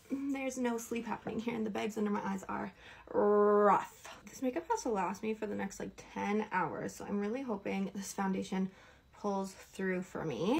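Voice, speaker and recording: A woman's voice: mid-range voice, gravelly, darkish tone, slightly rough. A young woman, chatting casually through a makeup tutorial in a rambling, upbeat way. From Canada. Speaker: beauty creator.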